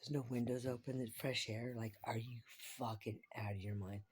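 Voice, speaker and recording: Husky woman rambling in a vlog. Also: very deep voice, fairly even intonation, normal speed, darkish tone. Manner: rambling, profane, drops to whispers often. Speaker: vlogger.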